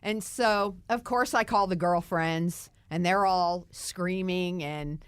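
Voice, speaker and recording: A middle-aged woman tells her story as a podcast guest, animated and quick to laugh. Her voice sits fairly low for a woman. The sound is close and dry. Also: clean tone, no echo. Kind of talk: casual storytelling chat.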